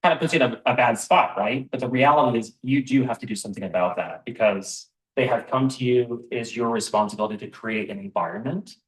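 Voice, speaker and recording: A man's voice: mid-range voice, fast talker, hardly any pauses, a bit bright. A man presenting a business training to a live room, conversational, with many ums and questions to the audience. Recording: roomy, voice from far off the mic.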